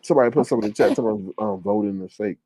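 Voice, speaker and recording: A man hosting a casual livestream chat, talking in a teasing, animated way. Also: on the low side, racing, slight background noise. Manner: animated, teasing, Southern US Black vernacular speech. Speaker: livestream host.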